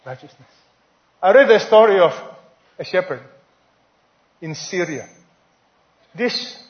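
A pastor with a notably high voice preaches to his congregation, quizzing them and drawing out the words he wants to stress. The recording is dull and lo-fi. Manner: preacher asking the congregation questions, stretching key words. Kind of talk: sermon.

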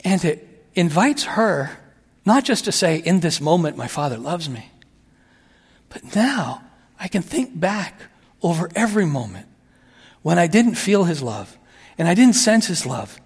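Male pastor, high voice, animated sermon delivery with hushed emphatic moments, long hall reverb. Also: measured pace, slightly rough. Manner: animated, shifts between excited asides and soft hushed emphasis.

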